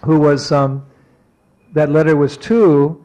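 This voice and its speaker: A man with a fairly high voice gives a devotional talk, telling a personal story. He acts out remembered moments with animation, then eases into softer, slower reflection. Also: fairly even intonation, poor audio. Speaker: spiritual teacher giving a talk.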